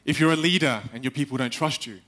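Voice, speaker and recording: A young man giving a live talk on stage, animated, acting out little quotes and speaking straight to the audience. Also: medium pitch, fast. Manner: animated, acts out quotes, addresses the audience directly.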